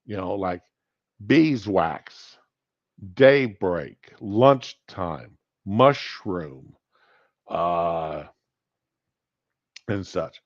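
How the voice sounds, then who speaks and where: A middle-aged man spins a long, rambling story from his own life. His pitch swings widely while his delivery stays slow and unhurried. The sound is dry and close, a little dull and lo-fi. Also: no room sound. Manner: animated, rambling anecdote with self-corrections. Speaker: podcast host. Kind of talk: casual storytelling monologue.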